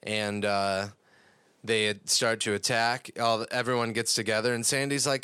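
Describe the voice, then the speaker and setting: A man's voice: on the low side, level tone, a little slow, bright, forceful tone, clean tone, no echo. A young man casually recapping a cartoon episode on a podcast, rambling and swearing with lots of fillers. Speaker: podcast co-host.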